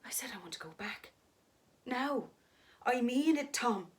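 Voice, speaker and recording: Frightened young Irish wife from Dublin, breathy whisper, read by a woman. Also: mid-range voice, moderate pace, fairly bright tone, close to an everyday voice. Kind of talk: dramatic story reading.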